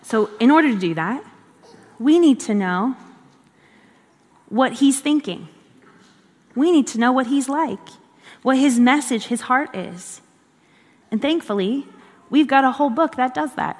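A woman's voice: high voice, expressive, a little slow, long pauses. Woman, devotional teacher, conversational and earnest, repeats lines for emphasis, reverberant hall.

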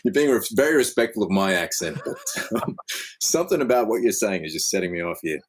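A man co-hosting a comic podcast, self-mocking and quick to break into laughter. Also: fairly low pitch, huge pitch swings, a little hiss or hum. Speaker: podcast co-host.

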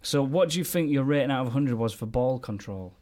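A man's voice: medium pitch, lively intonation, fast, a little mellow. A man hosting a quiz segment in a casual studio chat, teasing the others and laughing. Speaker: host running a quiz.

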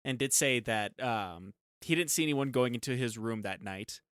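A man's voice: medium pitch, normal speed, dry recording. Podcast guy walking through a movie backstory bit by bit, dry close voice, lots of ums. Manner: steady, step-by-step storytelling with fillers. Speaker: podcast co-host. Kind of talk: casual chat.

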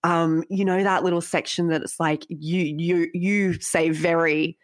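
A woman's voice: lowish voice, steady tone, unhurried, no room sound, clean studio sound. A woman co-hosting a TV recap podcast, bubbly and rambling, full of "like"s. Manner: chatty, bubbly, rambling with many "like"s. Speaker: podcast co-host. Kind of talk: casual chat.

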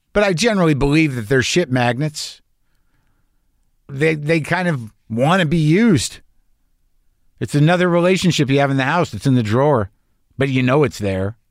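A man's voice: on the high side, moderate pace, pauses often, dry recording, clean studio sound. A man in his fifties from New Mexico, hosting a show with a casual, wry, confessional monologue full of swearing. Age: 50s. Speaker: podcast host.

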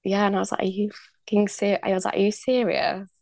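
A young woman with a mid-range, darkish voice talks fast and flat, with vocal fry, in a dry, studio-quality recording. She's a podcast guest telling a candid personal story, chatty and full of likes and ums, acting out quoted dialogue.

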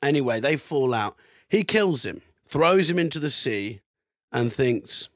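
A man's voice: mid-range voice, very animated, measured pace, dry recording, studio quality. A man co-hosting a casual podcast, reading out an odd history story with amused, swearing asides. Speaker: podcast co-host.

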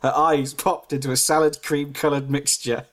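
A man's voice: a little high, little pitch movement, normal speed. A man reading his own story aloud on a podcast, giggly and self-mocking, breaking off to comment.

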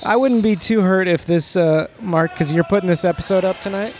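Male co-host, slightly high voice, mischievous absurd banter, courtside. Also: fairly quick, darkish tone. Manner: mischievous, absurd, self-mocking. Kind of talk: joking banter. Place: courtside in a warm gym.

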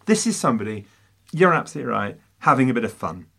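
A man hosting a casual film chat, talking in an animated, teasing way with theatrical emphasis. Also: mid-range voice, fast talker, vocal fry. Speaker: podcast host and stand-up comedian.

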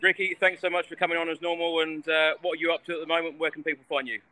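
A man's voice: fairly high pitch, little pitch movement, racing, pushed and bright. A man hosting a casual podcast, friendly and out of breath. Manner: friendly, wrapping up the show. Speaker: podcast host. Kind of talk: casual chat.

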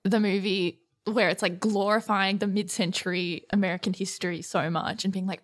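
A woman's voice: medium pitch, steady tone, moderate pace, hardly any pauses. A young woman co-hosting a podcast, giving dry, opinionated takes in casual chat. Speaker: podcast co-host.

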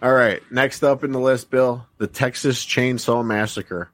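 A man's voice: medium pitch, fairly even intonation, measured pace, a bit bright. A man co-hosting a live podcast, reading out movie facts with a lot of "uh" fillers. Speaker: podcast co-host. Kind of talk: casual live podcast chat.

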